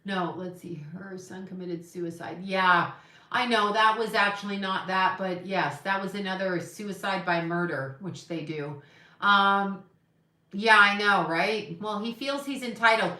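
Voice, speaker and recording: A woman runs a casual livestream and chats with viewers in an opinionated, gossipy way. Her voice is bright and forward. The sound is roomy and echoey, like a phone or webcam picking her up in a room at home. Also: mid-range voice, unhurried. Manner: chatty, opinionated, gossipy asides. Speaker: psychic livestream host. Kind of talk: casual livestream chat reading comments.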